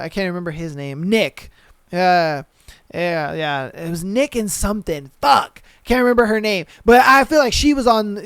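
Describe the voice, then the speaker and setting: A man's voice: high-pitched, clear, resonant tone, dry recording. Blunt, profane male podcast host. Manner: blunt, profane, rambling with fillers. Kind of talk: casual solo commentary.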